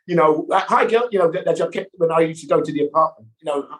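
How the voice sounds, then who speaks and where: A middle-aged man, a guest actor, telling anecdotes with lively sound effects and voices. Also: a little high, racing. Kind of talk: animated storytelling.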